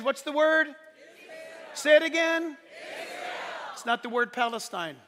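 A pastor preaching a sermon, emphatic and joking, often building to shouts. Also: male voice, very high voice, a little slow, pauses often, big-room sound, some chatter behind, a little hiss or hum.

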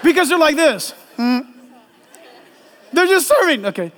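High-voiced pastor preaching in a hall. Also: male voice, measured pace, some chatter behind, a little hiss or hum. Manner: animated, joking, acts out voices. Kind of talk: sermon. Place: large church hall. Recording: long hall reverb.

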